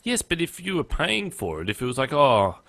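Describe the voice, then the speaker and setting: A man co-hosting a podcast in casual chat, telling anecdotes with dry, deadpan humor. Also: on the high side, a little fast, creaky. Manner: tells anecdotes. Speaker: podcast co-host.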